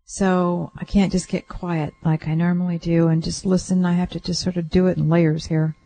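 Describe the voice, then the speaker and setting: Soothing woman with a mellow voice. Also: lowish voice, level tone, normal speed, low-quality recording. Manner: gentle, reassuring, relays what she senses in layers. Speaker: psychic radio host. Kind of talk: soothing call-in reading. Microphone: radio studio mic.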